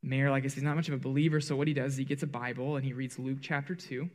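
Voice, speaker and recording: A man leading worship who tells a rambling, self-deprecating story full of "like" fillers and restarts, acting out quoted lines with sudden jumps in pitch. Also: steady tone, rapid-fire, darkish tone. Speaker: worship leader. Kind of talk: storytelling before a song in a church service.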